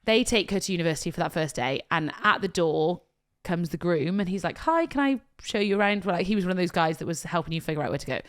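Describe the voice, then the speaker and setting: A woman's voice: lowish voice, fast, hardly any pauses. A woman co-hosting a podcast in casual chat, telling stories with frequent laughter and emotion. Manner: chatty storyteller, laughs often, emotional. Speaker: podcast co-host, wedding planner.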